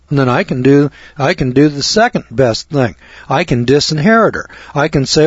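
Radio host, middle-aged man, husky and blunt, dull dry lo-fi broadcast sound. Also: mid-range voice, animated, moderate pace, dry recording. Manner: blunt, rambling, preachy. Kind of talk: folksy radio talk show lecture.

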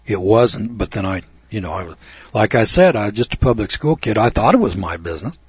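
Animated and a little fast, a middle-aged man with a lowish, husky voice delivers a folksy storytelling lecture. He rambles and pokes fun at himself before the audience, repeating words, on a dull, muffled, dry recording lacking any room sound.

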